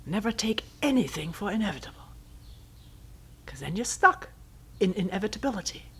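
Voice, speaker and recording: A woman meditation teacher reads commentary at a reflective retreat, her mid-range voice very animated yet slow and thoughtful, often slipping into a breathy near-whisper. She's wry at times and laughs softly, with slight background noise around her.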